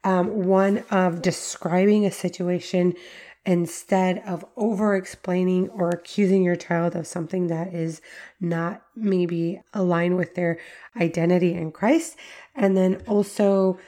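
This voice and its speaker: Woman, middle-aged podcast host, lowish mellow voice, casual parenting advice with lots of "like". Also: steady tone, unhurried. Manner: conversational, frequent "like" fillers. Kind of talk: instructional parenting talk.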